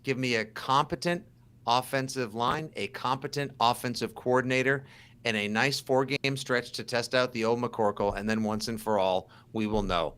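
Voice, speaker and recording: A man's voice: mid-range voice, moderate pace, smooth. A man with a Boston accent co-hosting a casual sports podcast, sarcastic and theatrical. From South Shore of Boston. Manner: animated, sarcastic, theatrical outbursts. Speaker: podcast co-host.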